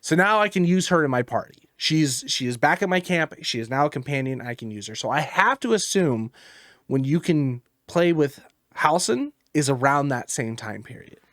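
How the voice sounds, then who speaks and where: A man's voice: a little high, expressive, normal speed, fairly bright tone, dry recording, clean studio sound. A man hosting a gaming podcast, telling a rambling, profane story about his game in casual chat. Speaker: podcast host.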